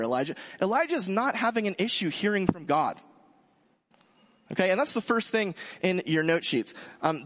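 A man preaching a sermon in a relaxed, conversational way, joking with his congregation. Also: high voice, long reverb tail. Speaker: pastor.

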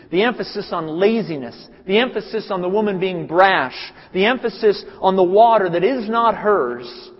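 A man preaching a sermon, earnest and emphatic, who repeats phrases for weight. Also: high-pitched. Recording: reverberant hall, muffled sound.

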